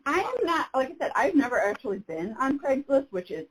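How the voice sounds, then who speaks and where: Lively woman with a slightly high voice. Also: a little fast, crowd noise, low-quality recording. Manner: chatty listener, repeats agreement words. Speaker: podcast co-host. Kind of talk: casual chat.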